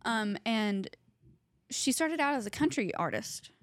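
A woman's voice: fairly high pitch, animated, no echo. A woman in her twenties co-hosting a casual podcast, a mother who talks in an easygoing, agreeable way. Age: 20s. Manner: easygoing, agreeable, quick asides. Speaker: podcast co-host. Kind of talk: casual chat.

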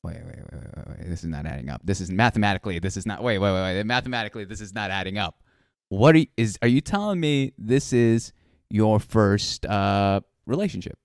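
Man, casual chat host, teasing, repeats phrases, smooth clear voice, dry close sound. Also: on the low side, lively intonation, fairly quick, no echo. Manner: playful, teasing, repeats himself.

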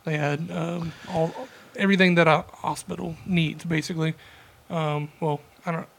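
A man's voice: on the high side, level tone, moderate pace, creaky, a bit bright. A young man co-hosting a podcast, telling a rambling, laid-back story full of fillers. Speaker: podcast co-host. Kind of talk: casual storytelling chat.

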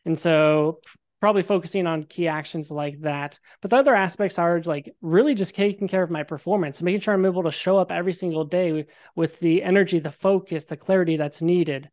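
Speaking briskly in a high voice, a young guest on a podcast recounts his story in a lively, casual manner. He curses without holding back and imitates other people's words as he goes.

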